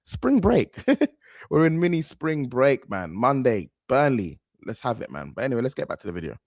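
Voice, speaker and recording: A man's voice: medium pitch, very animated, normal speed, vocal fry, no room sound, studio quality. A man hosting a football reaction channel, talking casually in a rambling way with slang and repeated phrases.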